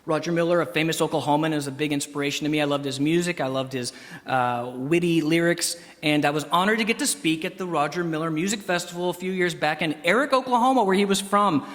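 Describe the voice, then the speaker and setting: A man's voice: a little high, quick pace, fairly bright tone. A man hosting a show, telling a comic story with a wry, self-deprecating delivery. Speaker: comedic musician and host. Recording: long hall reverb with banjo music.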